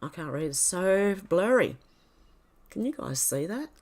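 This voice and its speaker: A woman with a fairly low voice hosts a casual livestream, reading posts aloud in a halting way. She trips over words and corrects herself, slips in quiet muttered asides, and has a cough that keeps interrupting her. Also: sing-song. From Australia. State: coughing, clearing throat. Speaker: livestream host.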